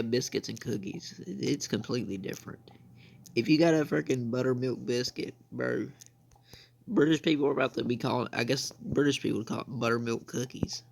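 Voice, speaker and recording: Gravelly young man rambling over gameplay. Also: medium pitch, slight background noise. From United States. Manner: rambling, repeats "I mean" and "bro". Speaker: gaming channel host. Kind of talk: casual gameplay commentary.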